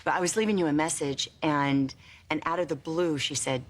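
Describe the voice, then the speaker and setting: A woman's voice: sits low, a little fast, natural voice. An actress playing an emotional young mother who coos over her baby daughter in a TV drama. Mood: affectionate. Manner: cooing and tender, emotional. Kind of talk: TV drama acting.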